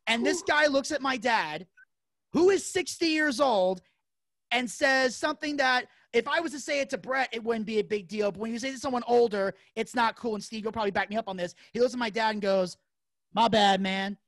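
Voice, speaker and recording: A man spins a story at a quick clip, swearing freely and raising his voice for the angry parts. The sound is dry and close, with no room around it. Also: extremely high pitch, a bit bright, no echo. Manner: fast, profane storytelling with heated acted-out quotes. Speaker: podcast guest. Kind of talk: casual storytelling.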